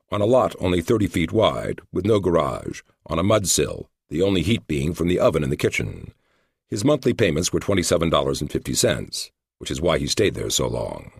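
A man narrating a book in a measured storytelling way. His voice is very low and gravelly with a husky grain, and the recording is dry and close. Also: dry recording. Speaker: audiobook narrator. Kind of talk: scripted narration.

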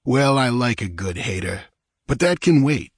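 A man's voice: mid-range voice, sing-song, measured pace, husky, no echo, clean studio sound, voice pushed up, full character voice. A man reading aloud, voicing a hot-tempered, ambitious male bandit chief with a commanding, sardonic manner. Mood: domineering, scornful.

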